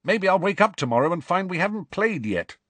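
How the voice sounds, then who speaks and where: High, loud teenage girl captain, at the end of her rope, played by a male audiobook reader. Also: sing-song, a little fast, no room sound, heavily acted. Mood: weary.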